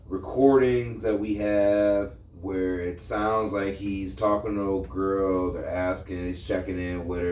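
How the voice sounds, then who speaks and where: A man's voice: fairly low pitch, darkish tone, a little hiss or hum. A man co-hosting a podcast, giving his blunt opinion at length in casual chat with streetwise slang. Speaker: podcast co-host. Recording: echoey room, mic at a distance.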